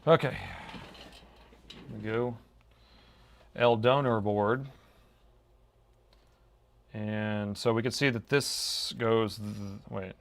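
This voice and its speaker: A man's voice: lowish voice, steady tone, takes it slowly, gravelly. A middle-aged man giving live, thinking-aloud commentary as he repairs a laptop, in a laid-back drawl that tacks "man" onto his sentences. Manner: thinking aloud while measuring.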